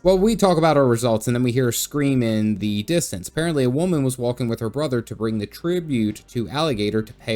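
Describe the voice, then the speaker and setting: A man's voice: mid-range voice, a little mellow. Jokey man recapping his game stream. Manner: jokey, goofy voices when quoting characters. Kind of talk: casual game recap narration.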